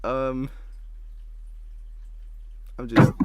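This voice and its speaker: A man's voice: medium pitch, little pitch movement, drawn-out words, crowd noise. A man hosting a casual reaction chat, laid-back and rambling with frequent giggles. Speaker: channel host.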